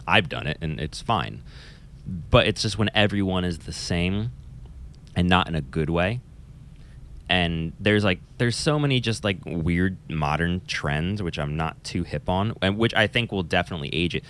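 A man with a deep voice chats loosely and animatedly as a podcast co-host. He swears freely and mimics the voices he makes fun of. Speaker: podcast co-host, music teacher. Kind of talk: casual chat.

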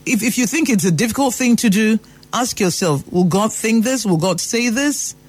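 A man's voice: high voice, lively intonation, moderate pace, slightly rough. A Nigerian man giving an emphatic motivational talk, repeating phrases for emphasis. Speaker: motivational speaker.

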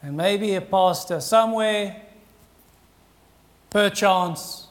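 A man, a pastor preaching an earnest, pleading sermon with dramatic pauses. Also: high voice.

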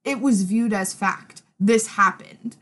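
A woman in her thirties chats on a casual podcast, her throat a little hoarse. She rambles animatedly, stringing thoughts together with plenty of fillers. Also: mid-range voice, takes it slowly, a bit bright. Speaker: podcast co-host. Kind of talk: casual chat.

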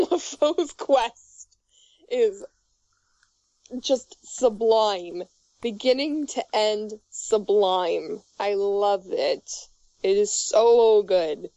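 A woman's voice: medium pitch, extremely slow, warm tone, no room sound. A woman in her twenties chatting casually, rambling with restarts and swearing. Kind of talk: casual chat. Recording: muffled dry recording.

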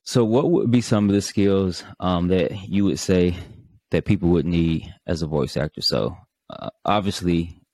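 A man's voice: low-pitched, unhurried, darkish tone, no echo. A man hosting an interview show, asking questions in a rambling, casual way full of fillers. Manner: rambling, many fillers and trailing thoughts. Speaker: podcast host.

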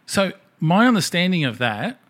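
A man's voice: high-pitched, very animated, normal speed, fairly bright tone. Blunt man, swearing casually. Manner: blunt, swears freely, laughs at himself. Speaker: podcast host. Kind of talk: casual chat.

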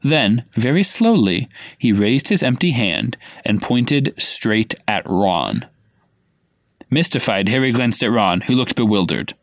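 A man's voice: mid-range voice, lively intonation, measured pace, no room sound. Man reading a novel aloud, dry sound. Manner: reads dialogue with light acting, stops to quiz his co-host. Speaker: podcast co-host reading aloud. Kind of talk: casual read-aloud of a novel with banter.

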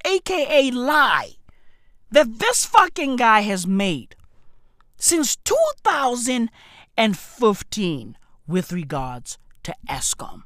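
A woman vents in a comedic rant, full of slang and sudden shouting. Her voice sits fairly high and swings through a very wide range. She talks slowly, and the sound is close and dry. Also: no room sound. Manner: animated, slangy, bursts into shouting. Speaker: vlogger.

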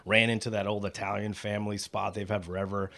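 A man's voice: fairly low pitch, fast. An American man co-hosting a podcast, talking casually with lots of swearing and rambling asides. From United States. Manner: profane, rambling, animated. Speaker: podcast co-host. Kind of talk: casual chat.

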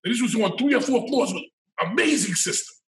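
Speaking at a quick pace, this high-voiced, middle-aged guest spins a casual, animated story, swearing often and repeating himself on the way to the point. He's captured from afar by a mic in a room with lots of echo.

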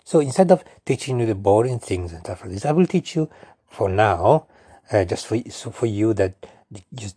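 Italian-accented man, patient dad teaching, swooping lively pitch, dry close sound. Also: slightly rough, dry recording. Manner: patient, repeats words slowly and coaxes the listener. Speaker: father teaching his daughter. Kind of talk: casual home language lesson.

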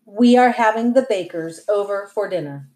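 A woman's voice: medium pitch, animated, normal speed, a little mellow, close to an everyday voice. A woman reading aloud, voicing a stern, determined suburban mother who speaks in clipped, firm lines.

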